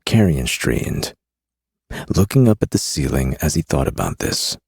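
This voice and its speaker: A man narrating a dark fantasy audiobook in the first person, with a steady, grim delivery. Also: rumbling low, normal speed, creaky, slightly rough, no room sound, clean studio sound.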